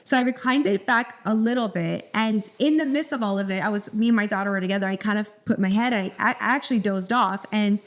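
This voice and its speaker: A middle-aged woman co-hosting a podcast, telling a story in a rambling, animated way with lots of restarts. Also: mid-range voice, fairly quick, few pauses. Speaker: podcast co-host. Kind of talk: casual storytelling chat.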